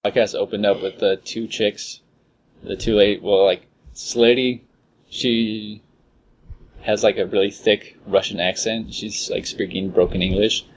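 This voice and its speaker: A man's voice: on the low side, fairly even intonation, measured pace, a little hiss or hum. A young man co-hosting a podcast in casual chat, retelling a story in a rambling way full of "like" and "uh". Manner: rambling retelling, heavy use of "like" and "uh". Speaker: podcast co-host.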